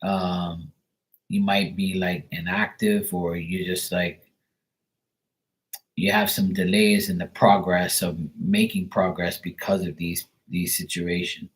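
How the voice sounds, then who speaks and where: Casual low-voiced man reading tarot live. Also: little pitch movement, slow pace. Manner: loose, profane, chatty, laughs often. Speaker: tarot reader.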